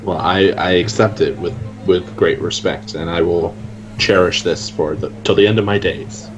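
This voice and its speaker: A man's voice: low-pitched, steady tone, normal speed, over music, low-quality recording. A man playing a tabletop game who banters wryly and often stammers over restarts. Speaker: player.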